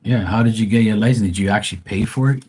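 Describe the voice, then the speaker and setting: Low husky man rambling on livestream. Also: fast, a little mellow. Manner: rambling, profane, chatty. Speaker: tarot reader livestream host. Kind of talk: casual livestream chat.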